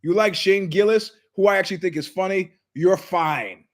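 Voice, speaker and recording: A middle-aged man hosts his own show, telling a long story as an animated monologue. His voice sits high for a man, and he delivers it emphatically, wandering off into asides. He slips into other people's voices whenever he quotes them. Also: moderate pace. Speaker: show host.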